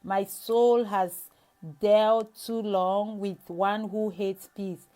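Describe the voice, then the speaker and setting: A woman's voice: medium pitch, fairly even intonation, very slow, dark tone. A young adult woman evangelist giving a devotional sermon, reading scripture and sharing an earnest personal testimony with many restarts.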